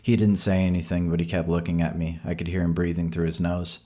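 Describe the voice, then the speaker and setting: Low-voiced guy reading a scary story, slow and measured. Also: level tone, darkish tone. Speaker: narrator. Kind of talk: scripted horror narration.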